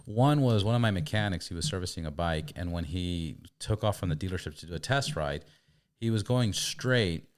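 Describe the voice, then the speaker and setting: Man, host, very low voice, lively storyteller, casual chat. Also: moderate pace. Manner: animated storyteller. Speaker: podcast host. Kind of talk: casual podcast conversation.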